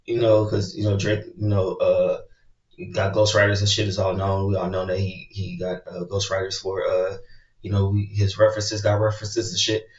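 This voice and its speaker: A man hosting a casual reaction video, talking loosely and cursing, repeating "bro, come on" as he gets excited. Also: low-pitched, normal speed, recorded from a distance. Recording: roomy, dull sound from away from the mic.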